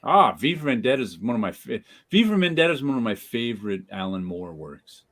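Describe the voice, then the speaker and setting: A man hosting a casual chat about comic books, laughing often and restarting his sentences when excited. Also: mid-range voice, a little fast. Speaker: podcast host.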